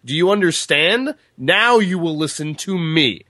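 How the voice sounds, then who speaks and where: A man's voice: a little high, expressive, unhurried, bright, forceful tone, no echo, voice pushed up, heavily acted. A man reading aloud as a stern, scornful male gunslinger, speaking the passage with heated emphasis. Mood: commanding.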